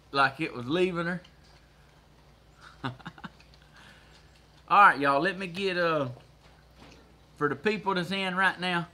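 A man with a Southern US accent hosting a casual livestream, folksy and quick to laugh as he chats with viewers. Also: fairly high pitch, sharp tone. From Georgia, USA. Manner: folksy, laughs often, reads out viewer comments. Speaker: livestream host. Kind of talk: casual live chat with viewers.

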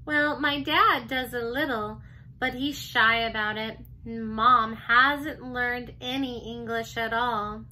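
A woman voicing a shy young schoolgirl who speaks softly and earnestly in a storybook reading. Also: a little high, fairly even intonation, slow pace, full character voice. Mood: confiding. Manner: soft, gentle.

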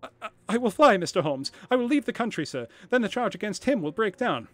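A man voicing a frightened young male thief who pleads and stammers in a high, shrill voice. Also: expressive, a little fast, faint music behind. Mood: desperate pleading.

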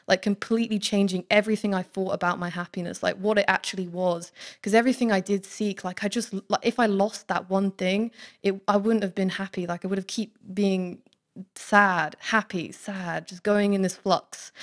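Young adult woman, church member testimony; candid, earnest, chatty with fillers. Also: mid-range voice. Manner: candid, earnest, heavy use of "like". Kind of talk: personal faith testimony. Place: student living in Oxford.

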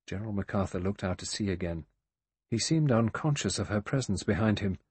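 Husky low-voiced male narrator. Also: dry recording. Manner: measured, even storytelling. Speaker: audiobook narrator. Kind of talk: scripted narration.

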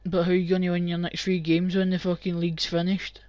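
A man's voice: high-pitched, monotone, brisk, darkish tone, no echo. A man giving casual, sweary gameplay commentary and chatting with viewers as he plays. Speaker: gaming channel host.

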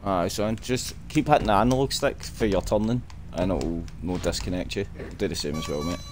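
A Scottish man gaming with a friend in casual, sweary banter that breaks into high yelling outbursts. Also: brisk, background noise. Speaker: gamer streaming with a friend.

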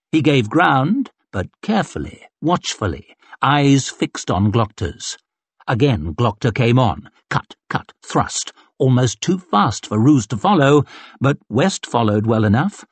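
A man narrating an audiobook in a dramatic, expressive storytelling manner. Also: medium pitch, breathy edge, no room sound.

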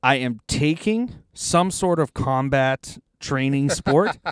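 A man's voice: medium pitch, animated, takes it slowly, smooth, dry recording, studio quality. A man, co-hosting a podcast from inside a car, telling a profane, ranting story in casual chat. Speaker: podcast co-host.

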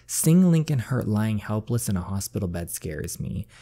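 A man reading a heartsick young woman, dark-voiced. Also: fairly low pitch, sing-song, moderate pace. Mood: anguished. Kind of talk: reading a story game aloud.

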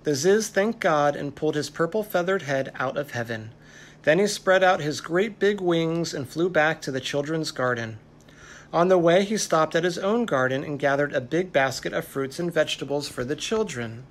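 A storyteller reading a children's story aloud in an expressive way at a family service. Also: medium pitch. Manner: slow, expressive read-aloud.

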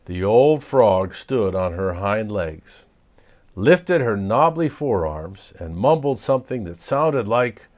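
A man reading a children's storybook aloud as storyteller, expressive and chuckling. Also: lowish voice, takes it slowly.

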